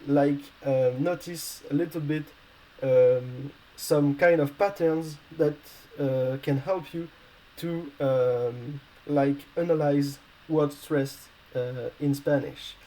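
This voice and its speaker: Hesitant, mellow-voiced male language teacher. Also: on the high side, low-quality recording. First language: not English. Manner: hesitant, many fillers and restarts. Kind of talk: explaining a grammar lesson.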